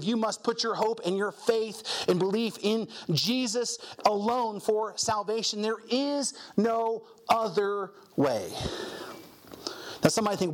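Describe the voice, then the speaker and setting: A man preaching a sermon as pastor, emphatic and repeating key phrases for weight. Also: high voice.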